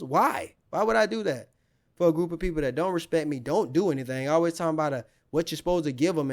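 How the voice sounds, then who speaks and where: A man's voice: a little high, a little mellow. Indignant man ranting on camera. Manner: indignant, rhetorical, repeats himself. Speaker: commentator. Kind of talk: ranting opinion monologue.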